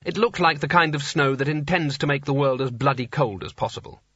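A man reading a story aloud as an audiobook narrator, in a dry, even storytelling manner. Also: on the high side, brisk, breathy edge, no echo. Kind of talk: scripted narration. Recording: slightly dull lo-fi recording.

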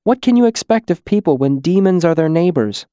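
A man's voice: fairly high pitch, expressive, brisk, dark tone, clean tone, no room sound, studio quality, pitched above the performer's own voice, close to an everyday voice. A man voicing an earnest young woman. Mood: pleading.

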